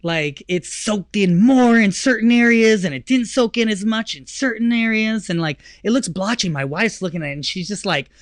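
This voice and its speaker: A man in his thirties hosting a business talk show, telling a home story in a lively, animated way and acting out the people he quotes. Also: moderate pace, few pauses, dry recording, studio quality. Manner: animated, acts out quotes with big pitch jumps. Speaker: podcast host. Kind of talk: casual storytelling chat.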